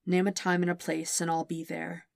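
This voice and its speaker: A woman reading as a gentle young prince with quiet, steady reassurance. The storybook voice sits low and dry, close to the microphone. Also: normal speed, creaky, no room sound. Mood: reassuring.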